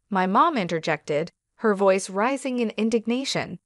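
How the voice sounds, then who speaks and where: A woman reading a scripted first-person story in a steady, even manner. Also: medium pitch, normal speed, few pauses, no room sound, clean studio sound. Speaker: narrator.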